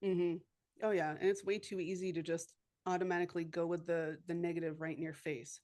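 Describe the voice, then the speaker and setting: A woman's voice: fairly low pitch, level tone, brisk, darkish tone. A woman hosting a podcast, talking in a reflective, easygoing way and laughing readily. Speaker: podcast host. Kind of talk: casual podcast conversation.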